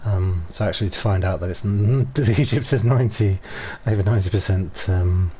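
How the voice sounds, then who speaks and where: Chatty man with a deep voice. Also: brisk, warm tone, a little hiss or hum. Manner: chatty, rambling, swears freely, laughs often. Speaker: streamer. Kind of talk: casual livestream commentary.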